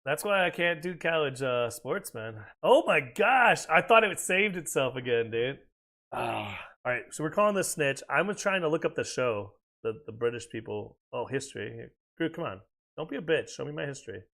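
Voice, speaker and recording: A man's voice: mid-range voice, very animated, moderate pace, creaky, a bit bright. A man chatting casually and profanely while streaming a video game, rambling between reactions to play. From United States. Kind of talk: casual chat while gaming.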